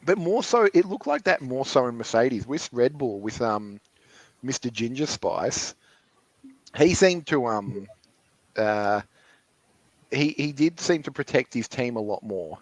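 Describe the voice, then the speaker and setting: A man co-hosting a laid-back motorsport podcast, mid-pitched and chatty. He jokes constantly and slips into mock voices for quotes. His sound is dry and close, with no room in it. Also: animated, unhurried, no room sound, poor audio. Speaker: podcast co-host. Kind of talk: casual chat.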